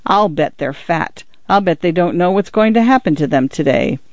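An earnest, polite little boy, read by a man in a fairly high, everyday voice. The storybook recording is dull and lo-fi and has no room sound. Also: expressive, moderate pace, no echo. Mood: eager. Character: eager, polite young boy.

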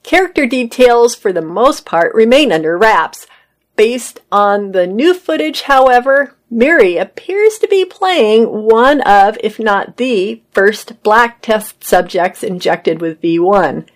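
A woman's voice: fairly high pitch, lively intonation, slow pace. A woman reading entertainment news articles aloud as a host, adding casual asides of her own. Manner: reads articles then adds casual personal comments.

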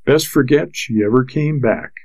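A man reading a novel aloud, voicing a big army sergeant who speaks in a quiet, even, commanding way. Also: mid-range voice, moderate pace, no echo, lightly acted. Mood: calm, firm. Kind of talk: audiobook character voice.

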